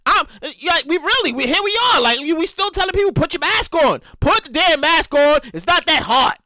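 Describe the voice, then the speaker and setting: A woman with a very high voice talks fairly quickly on her own podcast, delivering a casual, profane, ranting monologue. She's an animated storyteller, and the recording is dry with clean studio sound.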